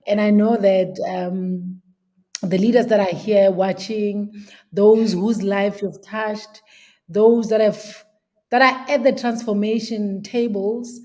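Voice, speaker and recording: A woman team leader interviewing her coach over a video call, earnest and halting with many fillers. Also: medium pitch, dark tone. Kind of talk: heartfelt interview talk.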